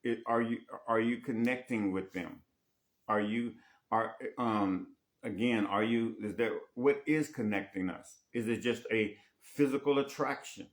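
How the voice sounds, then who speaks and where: Lowish-voiced man coaching on dating. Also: unhurried. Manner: repeats phrases, asks rhetorical questions with "right?". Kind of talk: casual teaching monologue.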